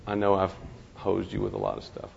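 A man with a low, gravelly voice gives an informal lecture, talking conversationally and stumbling over restarts while slipping in wry jokes at his own expense. The recording is dull and lo-fi, and it carries a long reverb from a large hall. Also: very animated, noisy background. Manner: conversational, halting restarts, wry self-deprecating humor. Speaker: guest speaker to a ministry class.

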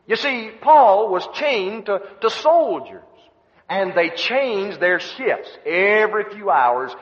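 Man preaching, folksy storytelling, raised pitch, dull lo-fi sound. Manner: folksy storytelling with rising emphatic bursts. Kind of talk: sermon. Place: seminary hall. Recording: dull lo-fi echoey hall recording.

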